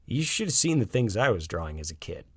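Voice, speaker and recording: A man's voice: lowish voice, sing-song, quick pace, a bit bright, husky, no room sound, studio quality, full character voice. A man voicing a cheerful, teasing suburban father who works in animation. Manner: playful, teasing.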